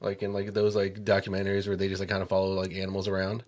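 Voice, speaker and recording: A young man co-hosting a podcast, chatting casually about a movie in a relaxed way, filling his speech with "like.". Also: deep voice, racing. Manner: relaxed, filler-heavy with constant "like". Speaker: podcast co-host.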